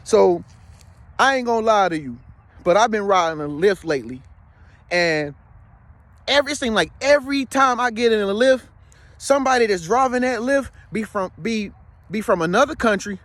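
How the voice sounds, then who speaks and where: A man's voice: sits high, a bit bright, dry recording. A man speaking to viewers in a casual, rambling monologue. He is emphatic and slangy, and keeps checking in with his listener. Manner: slangy, streetwise. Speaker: spiritual vlogger.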